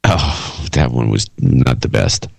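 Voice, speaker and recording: A man's voice: very deep voice, expressive, takes it slowly, vocal fry, darkish tone, faint music behind. A man co-hosting a podcast in casual chat, asking skeptical, probing questions. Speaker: podcast co-host.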